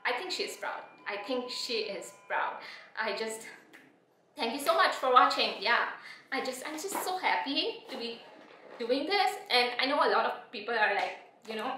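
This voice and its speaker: Emotional young woman, bright and echoey. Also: a little high. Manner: heartfelt, halting, many restarts and fillers. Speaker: beauty vlogger. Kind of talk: reflective talk to camera. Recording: echoey room.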